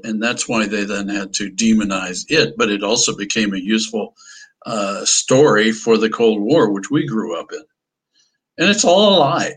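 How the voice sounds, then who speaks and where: A man's voice: mid-range voice, a bit bright, husky, poor audio. A man in a podcast conversation, speaking earnestly and often restarting his sentences.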